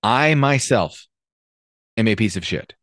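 A man's voice: lowish voice, expressive, a little slow, fairly bright tone, no echo, studio quality. A man co-hosting a podcast, giving blunt, profane opinions in casual chat. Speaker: podcast co-host.

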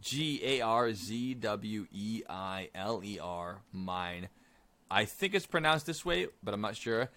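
Bright-voiced man hosting a quiz. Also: fairly low pitch, expressive. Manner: jokey, teasing, drawn-out reading of answers. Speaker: podcast host running a trivia quiz. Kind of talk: casual quiz banter.

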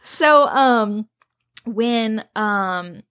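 A woman's voice: on the high side, expressive, drawn-out words, fairly bright tone, smooth. A woman in casual conversation, animatedly retelling a story, acting out quoted lines and swearing freely. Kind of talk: casual book discussion.

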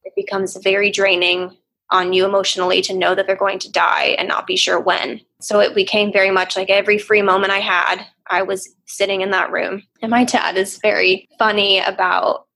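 A woman's voice: mid-range voice, level tone, moderate pace, gravelly, bright, forceful tone, a little hiss or hum. A young woman, a therapist, speaking earnestly and reflectively in a candid interview. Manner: earnest, reflective, sometimes emotional. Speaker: therapist guest.

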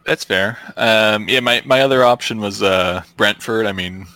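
A laid-back man with a fairly low voice talks football on a podcast, often pausing on ums. His voice sounds close and dry, with no room around it. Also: steady tone, pushed and bright, dry recording. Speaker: podcast co-host. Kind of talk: casual sports chat.

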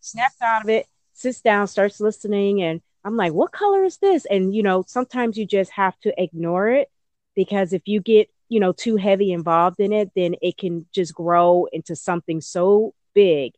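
A woman, an early childhood educator, answering interview questions in a casual, animated way, often slipping into playful high voices. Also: moderate pace, dry recording.

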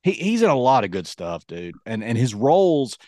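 A man co-hosting a casual podcast chat, rambling and animated, slipping into quick impressions. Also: mid-range voice, no echo, clean studio sound. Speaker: podcast co-host.

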